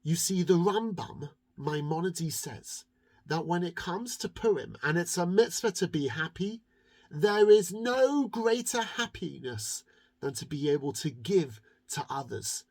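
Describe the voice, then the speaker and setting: Children's storyteller, very lively swooping delivery, drawn-out words. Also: mid-range voice. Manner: lively, expressive, draws words out for effect. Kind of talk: animated children's story telling.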